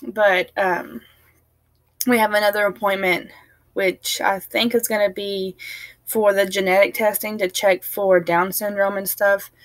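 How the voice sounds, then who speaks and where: Young woman, home vlogger, rambling chatty storyteller, sounds tired, mid-pitched voice, dry close sound. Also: flat delivery, measured pace, no echo. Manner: chatty, rambling, laughs while recounting. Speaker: family vlogger. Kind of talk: casual storytelling to camera.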